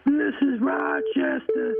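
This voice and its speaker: A man's voice: very high-pitched, huge pitch swings, takes it slowly, creaky, narrow, tinny audio, music in the background, full character voice. A male caller putting on a boastful old-time radio comedy sidekick impression. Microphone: phone call into radio.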